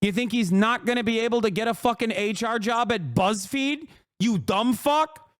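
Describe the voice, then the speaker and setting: A man's voice: very high voice, normal speed, no echo, clean studio sound. A male streamer ranting in live commentary, profane and heated, with sarcastic mockery.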